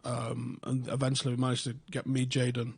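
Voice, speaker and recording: A young man, telling a story in casual podcast chat, swearing freely and getting animated when excited. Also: mid-range voice, a little fast, vocal fry, husky. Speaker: podcast host.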